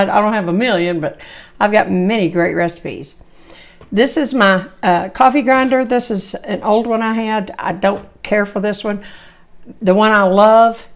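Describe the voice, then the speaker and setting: A woman hosts a home cooking video, chatting along in a folksy, rambling way. Her voice is hoarse and gravelly, cracking in and out as she talks, at an ordinary middle pitch. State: hoarse, voice coming and going. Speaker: cooking channel host. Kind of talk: casual cooking demonstration.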